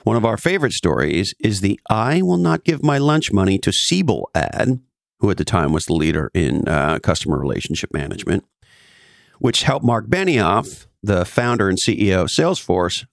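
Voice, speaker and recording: A man's voice: fairly low pitch, gravelly, no room sound, clean studio sound. A man delivering a scripted monologue as host, emphatic and wry, with sarcastic asides.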